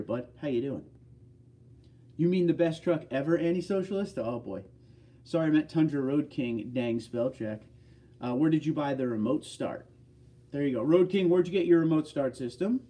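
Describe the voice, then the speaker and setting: A chatty man from the northeastern United States hosts a casual livestream and answers viewers' comments one by one. His voice sits a bit high with a mellow, dark tone. It sounds distant, as if he is sitting back from the microphone. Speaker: livestream host.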